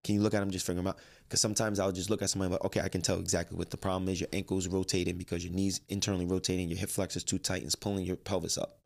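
A man telling a personal story in lively, dialogue-filled storytelling, acting out what he and others said. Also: low voice, rapid-fire, gravelly, few pauses. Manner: animated, quotes himself and others in dialogue. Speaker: life coach and trainer.

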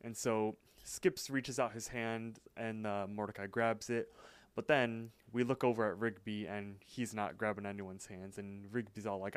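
Smooth-voiced man recapping a cartoon. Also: fairly low pitch, fairly even intonation, no echo. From England. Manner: retells scenes with quick quoted lines, loose and chatty. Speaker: podcast co-host. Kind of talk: casual recap chat.

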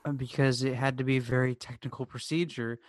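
A man's voice: mid-range voice, flat delivery, fast talker, no room sound. Man, podcast co-host, playful, joking, dry sound. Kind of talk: casual podcast chat.

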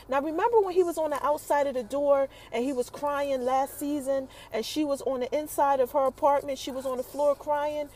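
Animated high-voiced woman recapping an episode. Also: brisk, hardly any pauses. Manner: animated, chatty, keeps calling out to viewers. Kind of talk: casual spoken recap addressed to viewers.

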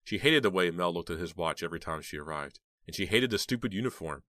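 A man narrating a horror novel as an audiobook in a steady, even storytelling manner. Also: low voice, quick pace, no room sound, clean studio sound.

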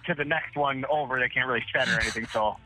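A man's voice: mid-range voice, fairly even intonation, quick pace, bright, forceful tone, poor audio. A male caller telling a story, rambling and hesitant. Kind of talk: phone-in story.

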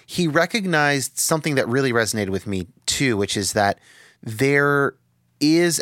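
A man's voice: mid-range voice, fairly bright tone, dry recording. A man hosts a podcast and talks through his thoughts openly, cursing now and then and circling back on his sentences. His voice sits in a middle range. The sound is dry and close, with no room around it. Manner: reflective, frank, swears freely, thinks aloud with restarts. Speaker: podcast host. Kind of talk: candid podcast conversation.

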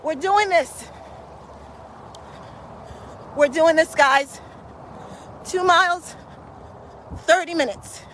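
A woman with a very high voice walks through a park while pacing her listeners. She talks slowly and deliberately, repeating encouraging cues, and sounds a little breathy from moving. Faint outdoor noise sits behind her voice. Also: a bit bright, poor audio. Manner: encouraging, repetitive coaching cues. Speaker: walking pace coach. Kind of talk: motivational workout vlog while walking.

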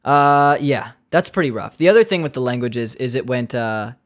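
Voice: medium pitch, expressive, moderate pace. A comedian delivering an exasperated, profane comedic rant, talking casually and sarcastically to listeners.

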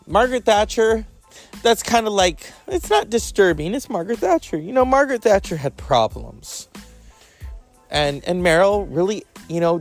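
A man hosting a podcast, riffing through a profane comic monologue with camp asides. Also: sits high. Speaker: podcast host.

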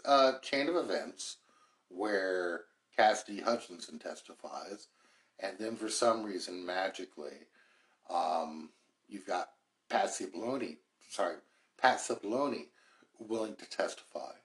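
Guy hosting a podcast, chatty and wry, mid pitch, room echo on the mic. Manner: chatty, thinking aloud, wry. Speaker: podcast host. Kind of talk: casual political commentary. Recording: roomy echo.

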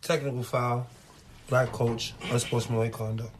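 A man's voice: medium pitch, little pitch movement, normal speed, very noisy. A man co-hosting a podcast, agreeing often and adding short remarks in a casual chat. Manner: agreeable, brief backchannels. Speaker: podcast co-host, basketball referee.

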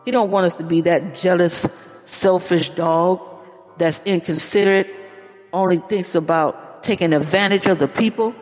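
A man preaching an informal podcast sermon in a folksy, exclaiming way, often calling out praise. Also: sits high. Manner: folksy, exclaims "Lord have mercy" and "Hallelujah". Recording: long reverb with faint music.

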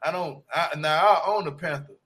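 High, bright-voiced joking man. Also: normal speed. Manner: slangy, joking, often laughing. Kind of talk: casual chat reacting to a reality show.

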